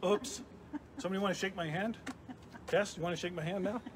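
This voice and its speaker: Middle-aged man, fairly high voice, chemistry professor, lively chatty kids' science demo, noisy hiss behind. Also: fairly quick. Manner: lively, chatty explainer with frequent restarts. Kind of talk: live science demonstration for kids.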